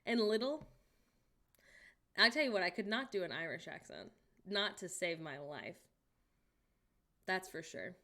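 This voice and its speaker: A woman's voice: lowish voice, lively intonation, measured pace, pauses often, bright, forceful tone. A young American woman hosting a casual live stream, reading chat aloud, joking and laughing often, with incredulous outbursts. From United States. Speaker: livestream host.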